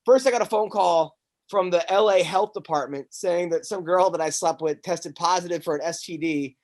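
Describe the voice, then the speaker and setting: A man, a stand-up comic hosting a podcast, tells a long, rambling story in casual chat, animated and profane, often stammering and restarting his sentences. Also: high-pitched, moderate pace.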